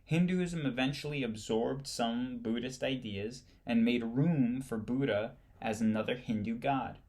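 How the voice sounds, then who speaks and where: Slow, gravelly man reading a textbook. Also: medium pitch, darkish tone. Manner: halting reading, stumbles and rereads words. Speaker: instructor. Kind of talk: reading a history textbook aloud.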